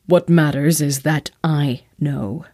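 A woman voicing a male emperor who speaks firmly and with quiet authority. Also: deep voice, steady tone, no echo, clean studio sound, pitched below the performer's own voice, full character voice. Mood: stern. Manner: firm, measured, authoritative. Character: stern male emperor, commanding.

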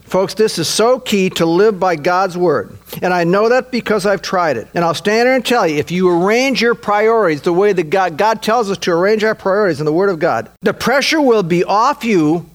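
A man preaching a sermon in an earnest, emphatic way, often repeating himself. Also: high-pitched. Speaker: pastor.

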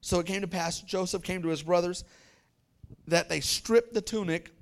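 A man preaching a sermon as pastor, telling a story in a lively colloquial way and calling out to his congregation. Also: sits high. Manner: lively storytelling, acting out characters in quick voices.

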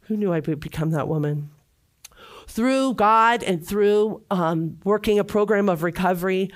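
Earnest middle-aged woman giving testimony. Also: medium pitch. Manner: earnest and heartfelt, with emphatic repetitions. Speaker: church member giving testimony. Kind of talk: personal testimony.

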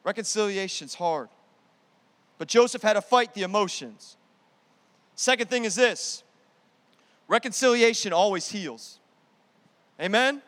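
A young adult male pastor preaches animatedly, his high-sitting voice swinging between loud declarations and hushed, intimate asides. The sound is that of a big room.

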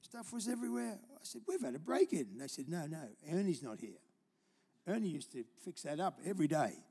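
An older male pastor delivers a live church sermon with a fairly high voice. He moves between loud, urgent exhortation and quiet, tender storytelling asides. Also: big pitch swings, a little fast, creaky, husky. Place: church auditorium.

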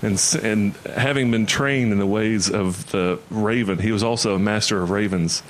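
A male player tells stories and checks the rules in a casual, easygoing manner. His voice sits low, with faint background noise. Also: moderate pace. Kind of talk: in-character storytelling in a tabletop game.

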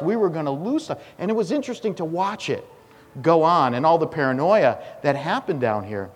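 A male pastor preaching an expository sermon, with emphatic, repetitive phrasing that swings between loud and hushed. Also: high voice, expressive, fast talker. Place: church sanctuary. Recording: long reverb of a church hall.

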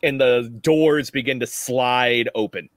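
A man narrating as game master of a tabletop game, relaxed and rambling with frequent laughs. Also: mid-range voice, slow, no echo, clean studio sound.

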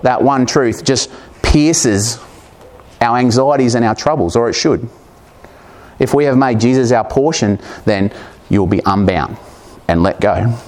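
A man's voice: mid-range voice, a little mellow. A man preaching a sermon, reading scripture aloud and breaking off into casual, humorous asides to the congregation.

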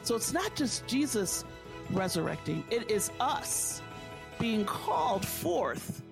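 A woman of Haitian background speaking earnestly and warmly about her faith in a conversation, repeating phrases for emphasis. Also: fairly high pitch, very animated, slow, creaky, music in the background. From Haitian family.

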